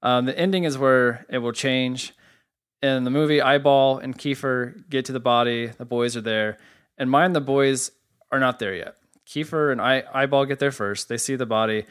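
A man co-hosting a casual podcast, telling a story with animated, profane energy. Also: medium pitch, moderate pace, smooth. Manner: animated storyteller, swears freely. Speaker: podcast co-host.

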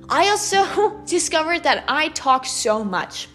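A young woman with a Valley Girl accent, hosting a student podcast in an animated, chatty way, full of "like" and "okay". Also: sits high, measured pace, hardly any pauses, soft background music. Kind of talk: casual solo podcast monologue.

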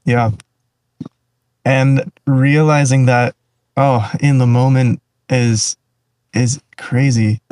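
A man's voice: medium pitch, fairly even intonation, slow, pauses often, a little mellow, no echo, rough recording. A man in a casual faith conversation, speaking reflectively with restarts and trailing phrases.

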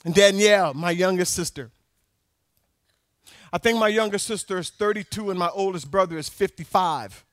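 A man's voice: sits high, normal speed, fairly bright tone, no room sound, studio quality. A male pastor preaching a sermon, telling personal stories with emphatic repetition.

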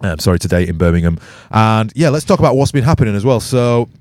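A man from hosting a casual podcast, chatty and laughing often, his voice a little croaky. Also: fairly low pitch, animated, fast, a little mellow, no room sound, studio quality. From England. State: slightly croaky after a night out. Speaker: podcast host. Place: music studio.

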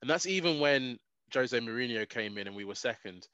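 Bright, excitable man on a dull mic. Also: medium pitch, fairly quick, clear, resonant tone, no echo. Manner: excitable, animated banter. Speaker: podcast co-host. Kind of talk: casual sports chat.

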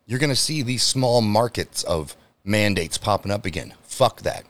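A man's voice: fairly low pitch, animated, normal speed, fairly bright tone. Fired-up, profane man ranting. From United States. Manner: profane, heated and emphatic; direct address to listeners. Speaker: podcast host. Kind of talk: solo podcast rant.

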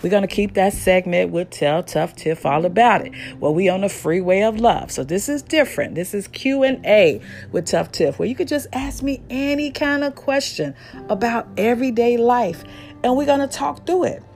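A woman's voice: mid-range voice, animated, moderate pace, darkish tone, soft background music. A woman hosting a solo advice podcast, chatty and preachy, talking straight to her listeners. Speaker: podcast host.

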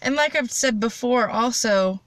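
Young woman, kinda high, swearing a lot and joking around, bright punchy voice, dry close sound. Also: measured pace, no room sound. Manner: blunt, profane, rambling and joking. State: high on cannabis. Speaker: podcast host. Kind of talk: casual solo chat.

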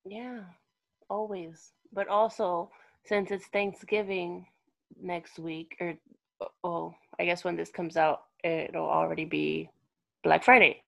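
A woman chats casually as a podcast co-host, her voice dropping into gravelly fry. She teases freely and swears without a second thought. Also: on the low side, flat delivery, slow pace, a bit bright, low-quality recording. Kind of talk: casual chat. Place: lives in New York City.

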